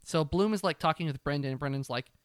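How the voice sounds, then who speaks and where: Brief: young male co-host, lively storyteller, swears a lot, clear voice on the higher side. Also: fast, no echo, clean studio sound. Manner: animated storytelling, swears freely, acts out characters. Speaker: podcast co-host. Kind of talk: casual recap chat.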